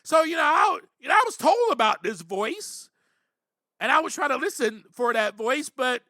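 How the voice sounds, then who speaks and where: A man's voice: extremely high pitch, sing-song, moderate pace, bright, forceful tone, no room sound, clean studio sound. A man hosting a podcast, giving earnest, reflective spiritual recovery talk, with frequent "you know" and bursts of emphasis. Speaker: podcast host.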